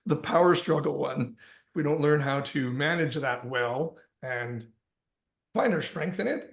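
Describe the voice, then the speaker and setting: A man's voice: a little high, gravelly, a bit bright. A man co-hosting a relationship workshop, thinking aloud as he talks to a small group. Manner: thinking aloud, restarts and hedges. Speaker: workshop co-host. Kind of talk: relaxed talk to a small group. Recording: echoey room.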